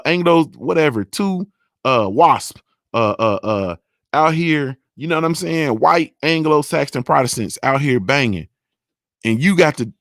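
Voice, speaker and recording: The recording is studio quality with no echo, and the man's voice is medium-pitched. Hosting a morning program, he delivers a forceful, foul-mouthed political rant without a script, again and again asking, "you understand what I'm saying?"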